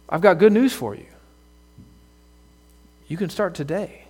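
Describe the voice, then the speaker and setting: High-voiced pastor preaching earnestly. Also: male voice, lively intonation, slow, long pauses, darkish tone, slightly rough. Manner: earnest, direct, addresses children in the pews. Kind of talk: sermon. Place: church sanctuary.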